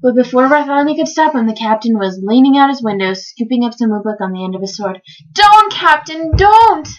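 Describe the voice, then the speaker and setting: A woman with a fairly high voice reads a children's story aloud with lively, theatrical storytelling. The recording is dull and lo-fi. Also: fast. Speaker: reader. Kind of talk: theatrical reading of a children's book.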